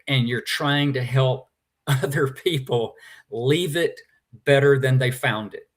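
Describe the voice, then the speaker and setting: A man's voice: mid-range voice, takes it slowly. A man, a guest in a conversation, telling a personal story with feeling and animation.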